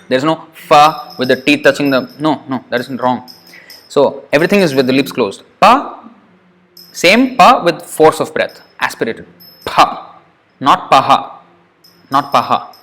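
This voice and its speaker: A man teaching Sanskrit pronunciation, patiently explaining each sound and repeating syllables slowly to demonstrate them. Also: mid-range voice, a bit bright. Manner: patient, explanatory, with light asides. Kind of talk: pronunciation lesson.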